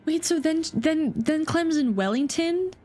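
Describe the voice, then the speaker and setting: Excitable, foul-mouthed woman reacting to a game. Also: high-pitched, unhurried, faint music behind. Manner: excitable, swears freely, thinks aloud. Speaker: gaming reaction streamer. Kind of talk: casual reaction commentary.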